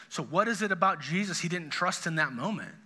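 A man's voice: fairly high pitch, expressive, brisk, pushed and bright, slightly rough. A middle-aged man, a pastor, preaching a sermon in an earnest, conversational way with frequent restarts.

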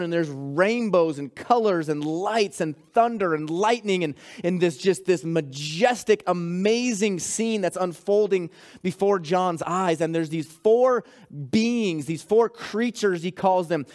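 A man preaching a sermon to his congregation as pastor, calling out to the church. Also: high-pitched. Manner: preaching with rising intensity, calls to the congregation.

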